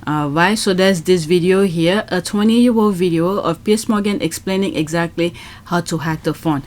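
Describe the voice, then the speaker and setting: A woman's voice: fairly low pitch, moderate pace, darkish tone. Chatty woman reading tweets aloud. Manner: chatty, many fillers, reads aloud and comments. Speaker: commentary channel host.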